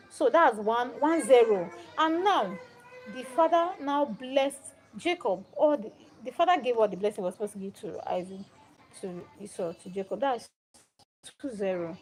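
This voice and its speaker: A young woman hosting a live stream, telling a Bible story in a casual, animated and dramatic way. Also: medium pitch, low-quality recording. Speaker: livestream host.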